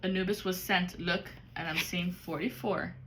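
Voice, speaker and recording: Brief: woman, tarot reader, crisp and forceful tone, cusses freely, talks right at the viewer. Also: fairly low pitch, steady tone, moderate pace, a little hiss or hum. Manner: blunt and profane. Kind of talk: casual spiritual card reading.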